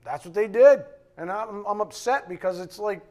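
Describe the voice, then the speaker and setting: A man preaching a sermon in a church, his voice sitting a little high for a man. He delivers it with fiery emphasis and pointed rhetorical questions. He sounds like a pastor pressing hard on his congregation. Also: moderate pace. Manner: fiery, emphatic preaching, shifting to a quiet hushed prayer.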